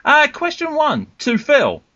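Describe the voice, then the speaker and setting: A man's voice: very high-pitched, wildly swooping pitch, takes it slowly, sharp tone. A man hosting a casual podcast, teasing his co-hosts and reading out listener questions in a joking way. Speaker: podcast host. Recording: muffled lo-fi audio.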